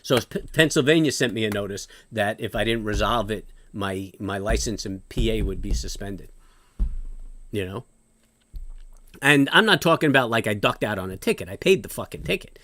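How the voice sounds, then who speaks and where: A man, ranting profanely in casual chat as a trading stream host, jumping from loud outbursts to low muttering. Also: moderate pace. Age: late 40s.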